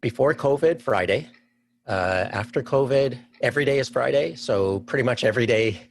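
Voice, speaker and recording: A man's voice: mid-range voice, moderate pace, creaky, a little hiss or hum. A man from Canada chatting as a podcast guest, enthusiastic and thinking aloud before he answers. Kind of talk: casual interview chat.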